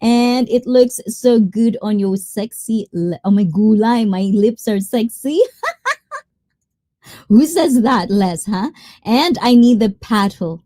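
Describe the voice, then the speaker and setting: Slow-talking woman streamer. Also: mid-range voice, warm tone, dry recording. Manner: playful and teasing with viewers; mixes Tagalog fillers into English. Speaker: livestream host. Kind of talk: casual livestream chat.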